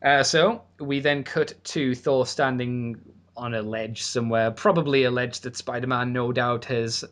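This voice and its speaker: A man's voice: mid-range voice, fairly even intonation, unhurried, a bit bright. A young man hosting a casual podcast, recapping an episode in a rambling, laughing way with the odd swear. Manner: rambling, laughing, swearing, with put-on voices for quotes.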